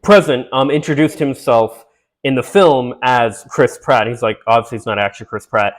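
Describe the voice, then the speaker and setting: A man casually recapping a film, rambling with fillers and restarts, and briefly acting out the characters' lines. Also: medium pitch. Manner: acts out characters' lines in quick voices. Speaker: movie recap host.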